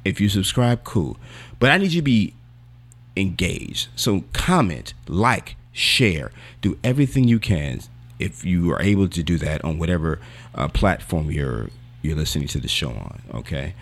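A man's voice: low voice, sing-song, moderate pace, gravelly. A young man co-hosting a podcast in casual, slangy, rambling chat while losing his voice. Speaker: podcast co-host.

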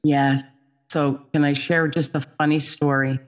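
A middle-aged woman, a guest on a podcast, telling a story in an animated, expressive way. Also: low-pitched, measured pace. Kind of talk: storytelling in an interview.

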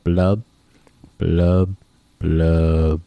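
A gloomy, resigned storybook fish, as a man reading aloud puts him on. He laments in slow, mournful rhyme, his voice very deep and unhurried. The sound is close and dry, with no room around it. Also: level tone, gravelly, dark tone, no room sound, full character voice. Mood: glum.

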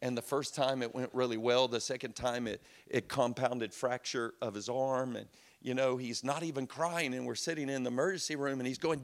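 Middle-aged guy preaching, gravelly voice, chatty storytelling, acts out the quotes. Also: mid-range voice, moderate pace. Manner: conversational storytelling with laughs and acted quotes. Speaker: pastor. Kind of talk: sermon.

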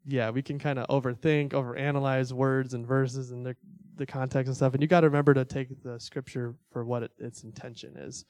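A man's voice: mid-range voice, flat delivery, a little fast, hardly any pauses, a little mellow, no room sound. Casual young man teaching faith. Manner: conversational, filler-heavy, self-deprecating laughs. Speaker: church teacher.

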